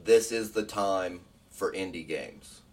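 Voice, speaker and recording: A low-voiced man chats about games on a podcast, relaxed and earnest, dropping the odd swear. He sounds set back from the mic. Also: slow, recorded from a distance. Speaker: podcast co-host. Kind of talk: casual gaming chat.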